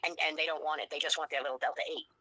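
A woman in her sixties, speaking bluntly and profanely as an interview guest, telling her story in an animated way. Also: sits low, very fast, dry recording, low-quality recording. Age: 60s. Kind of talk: candid interview.

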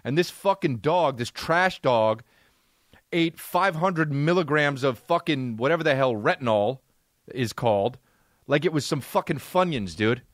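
A man's voice: medium pitch, expressive, a little slow, no echo, studio quality. A man hosting a podcast, telling a comic story with a profane, exasperated, punchy delivery. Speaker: podcast host. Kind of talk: comedic storytelling monologue.

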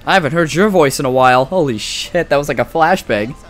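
A young man giving casual, profane let's-play commentary, excitable and trash-talking the game as he plays. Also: fairly high pitch, brisk, soft background music. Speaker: gaming commentator.

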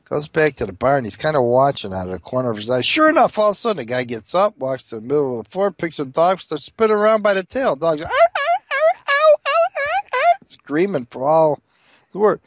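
A man telling crude jokes as an animated storyteller, doing many character voices. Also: fairly high pitch, fast talker, no echo. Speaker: joke teller.

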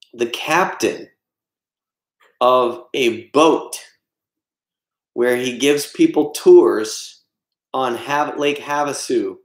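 A man hosting a livestream, joking and self-deprecating as he answers chat messages. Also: medium pitch. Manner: jokey, self-deprecating, reads chat aloud. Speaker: livestream host. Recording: echoey room.

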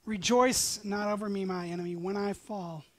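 Impassioned pastor with swinging dynamics. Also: male voice, high-pitched, steady tone, normal speed. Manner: dynamic preaching that swings from loud emphasis to hushed near-whispers; reads scripture aloud with passion. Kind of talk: sermon.

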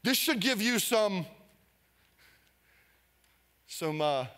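High-voiced energetic preacher man. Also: very slow, clear, resonant tone, in a large hall. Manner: energetic, leads the congregation in call-and-response. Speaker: pastor. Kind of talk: sermon. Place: church sanctuary.

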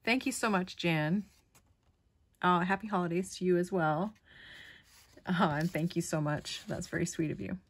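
A woman chatting casually as she unboxes a package of craft supplies, gushing with delight and often dropping to a soft whisper. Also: fairly low pitch, fairly even intonation, normal speed, long pauses. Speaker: crafting vlogger.

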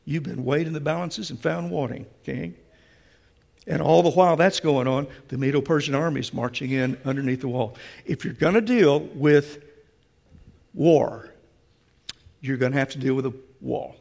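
A man's voice: medium pitch, moderate pace, vocal fry, darkish tone. A man preaching a sermon, emphatic and speaking straight to the congregation in a church. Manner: emphatic, addresses the congregation directly. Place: church sanctuary. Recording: long reverb of a church hall.

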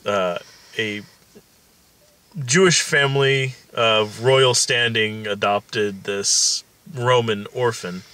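A man's voice: lowish voice, takes it slowly, pushed and bright. A man co-hosting a casual film review, rambling with lots of fillers and casual swearing.

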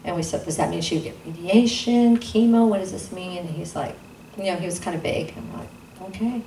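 Woman, lowish voice, earnest testimony, roomy distant mic. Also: brisk, warm tone. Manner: earnest, re-enacts dialogue with sudden pitch jumps. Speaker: guest speaker sharing testimony. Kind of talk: personal testimony storytelling. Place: intimate church gathering room. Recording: roomy sound from a distant mic, faint noise.

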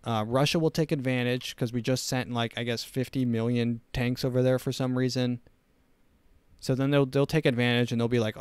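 A man's voice: mid-range voice, fairly even intonation, brisk, clean tone, no echo. A young man hosting a comedy podcast, rambling through opinionated, sarcastic riffs in a casual monologue. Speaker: podcast host.

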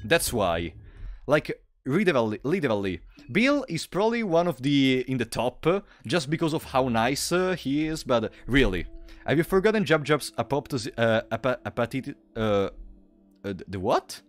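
Lively, excitable male game streamer. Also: medium pitch, moderate pace, no echo, faint music behind. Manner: excitable, thanks donors loudly, restarts often. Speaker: streamer playing a game live. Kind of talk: casual live-stream commentary.

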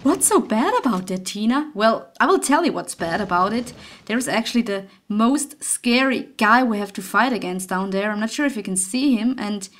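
A young woman hosting a gaming channel gives let's play commentary on a horror game, startling easily, swearing and laughing nervously. Her voice is fairly high and slightly bright.

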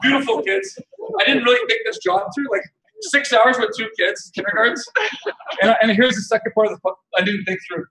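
A man giving a keynote talk, telling funny stories about himself with animated delivery and frequent laughter. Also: very high voice, a little fast. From Canada. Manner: animated, self-mocking, laughs often. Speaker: keynote speaker. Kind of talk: humorous storytelling keynote. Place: conference hall. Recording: echoey hall, mic at a distance.

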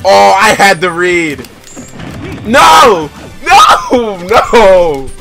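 A young man giving loud, excitable live commentary while playing a fighting game, swearing and laughing as he plays. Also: high-pitched, drawn-out words. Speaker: gaming YouTuber. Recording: game music playing behind.

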